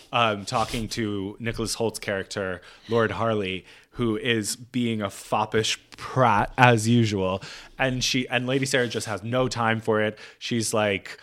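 A man co-hosting a casual film review chat, giggly and chatty, with quick asides. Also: medium pitch, fairly bright tone. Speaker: co-host of a film review show.

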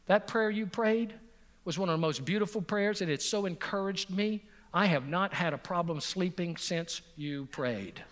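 A man's voice: high-pitched, moderate pace, fairly bright tone, pitched below the performer's own voice. A male pastor voicing a cranky elderly woman in a hospital bed, blunt and indignant. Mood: grateful.

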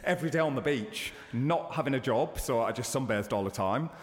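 A man in his thirties, a guest chatting in an interview, telling stories with sudden high excited bursts. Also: brisk, long reverb tail. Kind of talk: casual interview chat.

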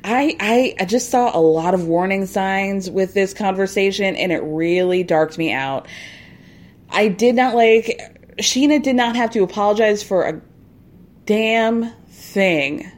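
Woman, recap host, casual and opinionated, quick sarcastic asides. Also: medium pitch. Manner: acts out quotes in put-on voices.

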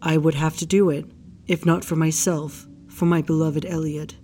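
A woman narrating in the first person for an audio drama, in a hushed, grief-stricken retelling. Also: low voice, flat delivery, moderate pace, soft background music. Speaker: narrator recounting a case file.

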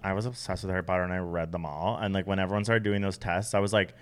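Animated rambling man in casual chat. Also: low voice, very fast, clear, resonant tone. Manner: animated, rambling, swings from loud to soft. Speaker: podcast co-host.

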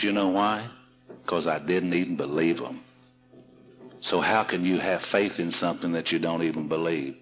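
A man's voice: low-pitched, low-quality recording. A man telling self-mocking stories to a seminar audience from a podium, in an archival recording. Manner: folksy, self-mocking storyteller. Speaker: seminar speaker. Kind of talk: storytelling talk at a recovery seminar.

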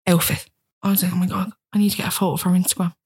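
A woman's voice: fairly low pitch, very fast, creaky, slightly rough. A woman around thirty, a guest chatting casually and animatedly, often acting out what other people said. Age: about 30. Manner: animated, acts out quoted voices. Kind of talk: casual chat.

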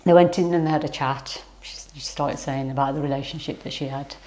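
A woman's voice: deep voice, steady tone, fairly quick, dark tone. A middle-aged woman, a mother being interviewed, telling her story hesitantly with many ums and restarts. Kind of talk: casual interview.

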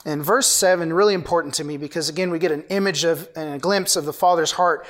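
A man delivers a relaxed, conversational sermon, his voice sitting a little high. He reads scripture aloud and breaks off into playful asides, like a friendly preacher talking with his congregation. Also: a little fast. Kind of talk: informal sermon.

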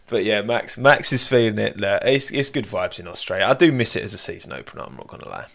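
A man's voice: fairly low pitch, creaky, fairly bright tone. A young man hosting a live-streamed podcast, chatting casually and rambling, often laughing at his own asides. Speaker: podcast host.

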